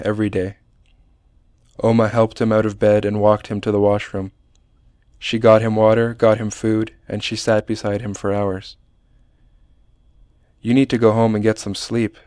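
A man reading a personal memoir aloud in a measured, understated manner. His voice sits low and stays flat and even, smooth and clear, with a dry, close sound. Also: no room sound. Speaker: narrator.

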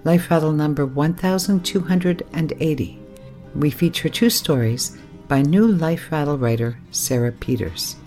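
A man introducing a writer on a radio program, reading slowly and deliberately. Soft guitar music plays beneath his voice. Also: fairly high pitch. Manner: measured, slow, deliberate reading. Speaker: radio show host.

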